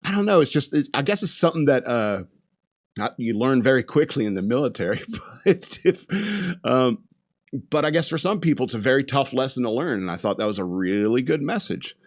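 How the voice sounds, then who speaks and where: A man's voice: medium pitch, expressive, brisk. A man hosting a podcast, casually retelling a movie in a rambling way, laughing often and acting out quotes. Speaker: podcast host. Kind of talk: casual movie review rant.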